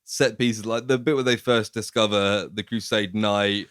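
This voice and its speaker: A man's voice: fairly low pitch, fairly even intonation, normal speed, fairly bright tone, smooth, no room sound. Enthusiastic young man on a dry podcast mic. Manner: enthusiastic, hesitant restarts, acts out quotes. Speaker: podcast co-host. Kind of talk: casual film discussion.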